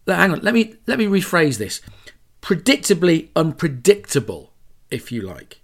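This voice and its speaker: A man hosting a solo podcast, talking in a chatty, emphatic way with asides and self-corrections. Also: a little high. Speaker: podcast host. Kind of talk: solo podcast talk on branding.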